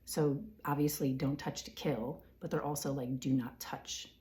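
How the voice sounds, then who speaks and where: A woman with a notably low voice gives a spiritual reading at an unhurried pace. She relays what she senses in halting, repeated words, murmuring her own questions under her breath between them. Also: steady tone. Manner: halting and repetitive, often softly whispering questions to herself; frequent fillers and throat-clearing. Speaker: intuitive reader.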